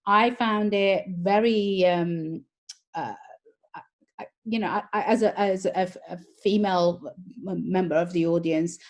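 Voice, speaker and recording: A woman film critic in a casual review chat, giving frank opinions in a halting way. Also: on the low side, fairly even intonation.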